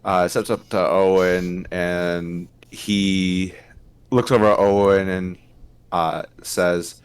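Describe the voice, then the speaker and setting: A man's voice: low-pitched, flat delivery, slow, clear, resonant tone. A man narrating and voicing his character in a tabletop role-play game, with frequent fillers. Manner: hesitant, many fillers. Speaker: player voicing a knight.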